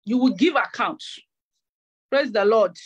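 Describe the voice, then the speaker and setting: A woman's voice: fairly high pitch, measured pace, breathy edge, lo-fi sound. A woman preacher delivering a fervent sermon, repeating phrases with stammering restarts.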